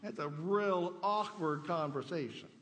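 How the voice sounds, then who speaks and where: A pastor with a notably high voice delivers a conversational sermon, posing rhetorical questions to his listeners. His words ring out with a long reverb, as if spoken in a large church sanctuary. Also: a little slow, a bit bright, slight background noise.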